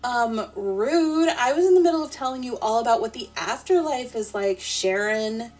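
A woman narrating a playful, deadpan comic sleep story in the first person. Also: fairly high pitch, normal speed, faint music behind. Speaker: podcast storyteller.

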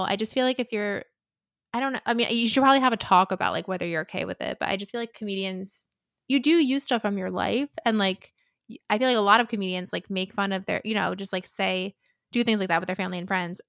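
A woman's voice: medium pitch, fast talker, creaky, a bit bright, dry recording, clean studio sound. A woman co-hosting a book podcast in casual chat, rambling and hedging with lots of fillers.

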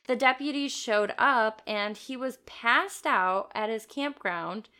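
A woman's voice: a little high, slow, bright, forceful tone. A woman co-hosting a casual podcast chat, recounting stories with frequent small laughs. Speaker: podcast co-host.

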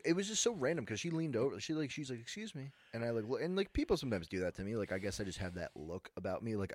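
Deadpan young man. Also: mid-range voice, no room sound, clean studio sound. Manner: laid-back, deadpan storyteller who mimics angry customers. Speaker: podcast co-host. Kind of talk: casual storytelling chat.

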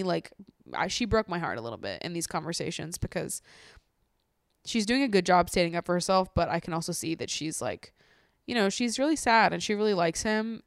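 A young woman vlogging a reality-show recap in casual chat, blunt and exasperated, swearing freely and talking in fast bursts. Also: on the low side, expressive, no echo, studio quality.

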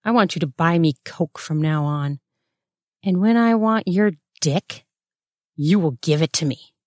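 A woman's voice: deep voice, measured pace, darkish tone, no echo, clean studio sound. A woman reading a story aloud, voicing a sneering, domineering older nun with a hissing, snarling delivery. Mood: scornful. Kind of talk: read-aloud erotic story.

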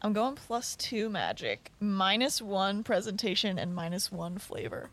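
A woman narrating as game master of a tabletop game in a casual, joking way with quick asides. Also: medium pitch, expressive, background noise.

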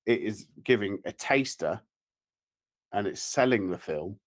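A man co-hosting a casual podcast, chatty and quick to jump in. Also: fairly low pitch. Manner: animated, chatty, jumps in. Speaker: podcast co-host. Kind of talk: casual chat.

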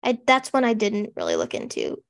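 Lively young woman with a gravelly edge. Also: medium pitch, brisk. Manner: animated, sarcastic, acts out quotes. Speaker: podcast co-host. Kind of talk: casual snarky chat.

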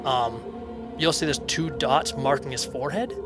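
A man's voice: medium pitch, moderate pace. A man narrating a tabletop game as game master, describing scenes in detail and joking about his own voices. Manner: descriptive, self-deprecating. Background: background music.

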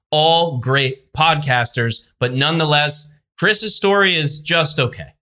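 A man's voice: a little high, bright, forceful tone. A man who produces podcasts, giving a brash, sarcastic review monologue to the camera. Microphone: facing a camera with a laptop in front.

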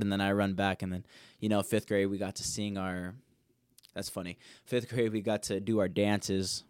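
A young man with a low, smooth, resonant voice hosts a podcast on his own, rambling through a story in a casual, animated way. He acts out what each person said. The sound is dry and close. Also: no room sound. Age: young adult. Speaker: podcast host.

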